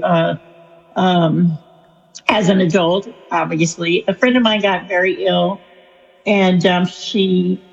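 Woman interviewee, storytelling, breathy voice in a reverberant space. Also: fairly low pitch. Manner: chatty and storytelling, with fillers and laughs. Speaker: author and spiritual counselor. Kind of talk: conversational interview answer. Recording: lo-fi with long reverb.

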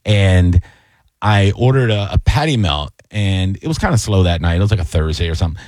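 A man's voice: sits low, lively intonation, a little fast, darkish tone, no room sound. Laid-back man telling stories. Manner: laid-back storyteller, many fillers and restarts. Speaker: co-host. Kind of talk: casual chat.

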